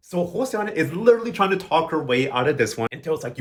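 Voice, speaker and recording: A man's voice: fairly high pitch, expressive, quick pace, hardly any pauses, a bit bright. A man recapping a soap opera in casual chat, sassy and gossipy, full of slang and acting out the characters' lines. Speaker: recap vlogger.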